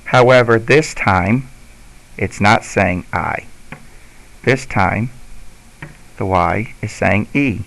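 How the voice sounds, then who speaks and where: Gravelly-voiced man teaching a lesson. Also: fairly low pitch, fairly bright tone, rough recording. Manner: slow, patient explaining. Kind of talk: instructional lesson.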